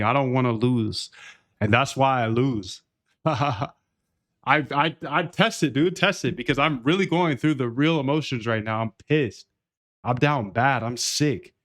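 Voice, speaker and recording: Young male streamer, mid-pitched, excitable, heavy swearing, casual bro-talk. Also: moderate pace. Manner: excitable, swears a lot, calls listeners bro and dude. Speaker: trading streamer. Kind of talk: casual livestream rant.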